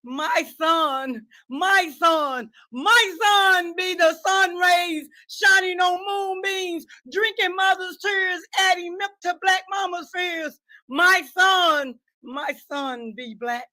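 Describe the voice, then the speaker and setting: A woman with a raspy voice performing spoken word poetry slowly on a bookshop stage, shouting out many lines. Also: very high-pitched. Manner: slow and declaiming, with shouted lines. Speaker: opening poet.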